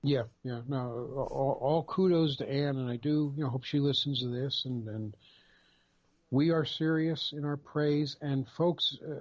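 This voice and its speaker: A man co-hosting a casual podcast speaks in an unhurried, mid-range voice, emphatic and rambling, with many repeated words. The sound is lo-fi.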